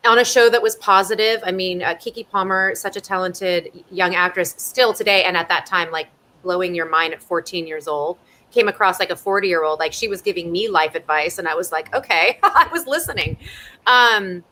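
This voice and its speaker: A woman's voice: on the low side, moderate pace, sharp tone, a little hiss or hum. A woman from Southern California, an actress chatting playfully and laughing often as a guest in a live online interview from home over a video call. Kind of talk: casual live interview chat.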